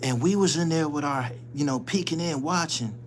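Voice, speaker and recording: A man's voice: on the high side, moderate pace, a little hiss or hum. A man hosting his channel, telling a story in casual, profane street slang and laughing often as he goes. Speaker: channel host.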